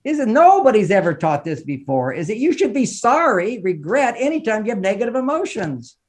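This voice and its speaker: A man's voice: big pitch swings, fairly quick. A man who works as a relationship counselor and author, giving advice as a podcast guest in an emphatic, lecturing way, repeating phrases in lists. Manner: emphatic and lecturing, rising in pitch and volume for emphasis. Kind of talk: animated advice talk in an interview.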